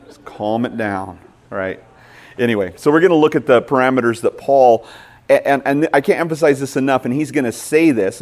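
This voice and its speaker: A man's voice: on the low side, a little mellow. A middle-aged male pastor preaching a sermon, talking conversationally and telling stories with emphatic stress.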